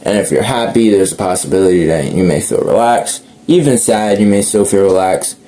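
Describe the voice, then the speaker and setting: Young man, low and warm, casual earnest monologue, self-correcting. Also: brisk. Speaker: speaker sharing reflections.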